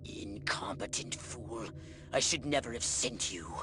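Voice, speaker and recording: A man's voice: medium pitch, lively intonation, unhurried, noisy background, lightly acted. An actor playing a scheming, condescending male alien leader with a mocking drawl in a video game. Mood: contemptuous. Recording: game audio with clear ambience.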